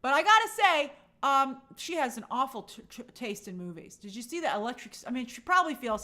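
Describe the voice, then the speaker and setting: A woman's voice: high voice, very animated, quick pace, hardly any pauses, bright, forceful tone. A woman hosting a live movie news stream, chatting and reading viewer comments with frequent restarts and opinionated asides.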